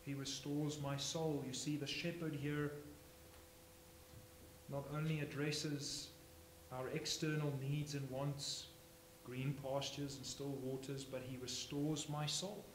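A man preaching a sermon as pastor, swinging from hushed phrases to loud emphatic ones. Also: fairly high pitch, little pitch movement, slow. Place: church sanctuary. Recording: echoey church, faint hum.

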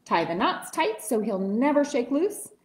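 A woman voicing a rowdy gang of bullying monkeys in a read-aloud storybook, shouting and jeering. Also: on the high side, big pitch swings, unhurried. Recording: echoey room.

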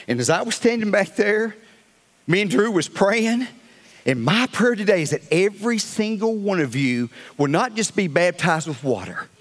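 With a high voice, a pastor delivers a fiery sermon, swinging between loud calls and hushed asides.

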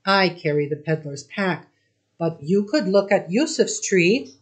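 A woman's voice: lowish voice, expressive, a little slow. A woman reading the part of a dignified, courteous immigrant father who speaks in formal, ceremonious phrases. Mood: gentle.

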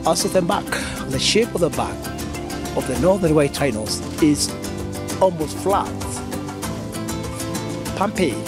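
A man, an animal keeper, explaining outdoors in a halting way with fillers and repeats. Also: fairly high pitch, animated, over music. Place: outdoor wildlife enclosure.

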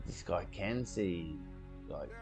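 A man hosting a reaction video, talking casually and excitably and swearing freely as he comments. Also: deep voice, takes it slowly, over music.

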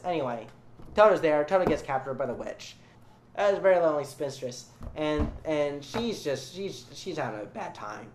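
Tipsy young man, slightly high voice, sarcastic and rambling storyteller, in a roomy space. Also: expressive, normal speed, noisy background. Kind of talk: drunken comedic retelling. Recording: echoey room.

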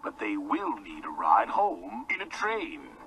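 A man's voice: lowish voice, huge pitch swings, slow, vocal fry, a bit bright, a little hiss or hum, heavily acted, low-quality recording. A man voicing a stout, kindly male railway boss in a children's story, firm and reassuring.

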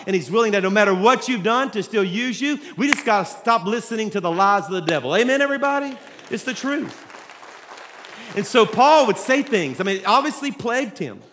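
A male pastor tells stories and jokes to his congregation as he preaches. His voice sits fairly high. The sound carries the long echo of a large church auditorium. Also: lively intonation, a little fast, fairly bright tone, a faint crowd. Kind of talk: sermon. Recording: reverberant church hall.

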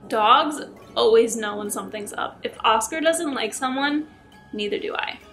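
Bright-voiced woman reading scary stories. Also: on the high side, moderate pace, faint music behind. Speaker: YouTube storyteller.

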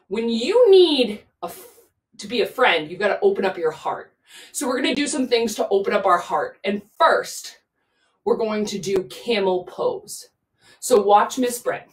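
A woman's voice: mid-range voice, lively intonation, unhurried. A woman guiding a children's yoga class, playful and sing-song, talking straight to the kids. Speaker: kids' yoga teacher. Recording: roomy echo, mic far off.

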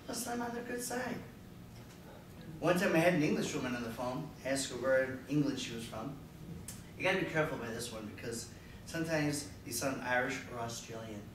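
A man giving a jokey talk on sales to a live audience, lively and slipping into silly voices. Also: medium pitch, brisk. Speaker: sales speaker. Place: room with an audience. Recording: echoey room from a distance, faint noise.

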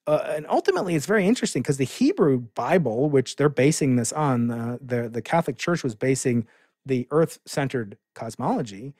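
A man's voice: mid-range voice, very animated, a little fast, darkish tone, no echo, clean studio sound. A middle-aged man from the United States, a physicist guest telling stories with enthusiasm in a casual podcast conversation. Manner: enthusiastic, storytelling explainer.

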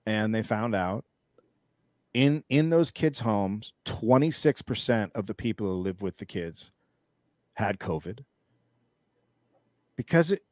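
A man's voice: on the low side, animated, slow, pauses often, a little mellow, no room sound, studio quality. A man speaking as an interview guest in casual chat, ranting with anger and profanity and telling stories animatedly, with frequent restarts.

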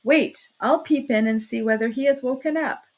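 A gentle, firm young woman in a storybook reading, voiced by a woman near her own voice. She soothes and reassures, calm with a steady edge. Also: high-pitched, moderate pace, voice pushed up. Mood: soothing.

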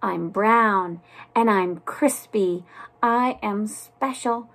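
A woman's voice: medium pitch, a bit bright. A woman doing a vain bragging cookie. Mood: boastful. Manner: proud, drawn-out bragging. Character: boastful vain male cookie, small.

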